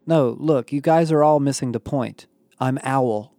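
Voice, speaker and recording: A man's voice: mid-range voice, a little slow, warm tone, no echo, studio quality, lightly acted. A man voicing a haughty, impatient male alien in an audiobook, sarcastic and superior. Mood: condescending. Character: arrogant condescending male alien.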